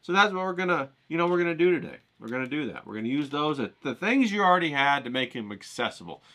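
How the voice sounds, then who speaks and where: Bright, lively man hyping an art challenge. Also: fairly high pitch, quick pace. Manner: hyped, rambling, coaching, swears casually. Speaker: art channel host. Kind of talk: casual drawing tutorial to camera.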